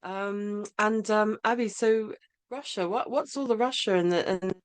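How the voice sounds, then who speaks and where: Chatty, halting woman podcast host. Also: mid-range voice, clear, resonant tone. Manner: chatty, halting, many restarts. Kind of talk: casual conversation. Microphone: video call.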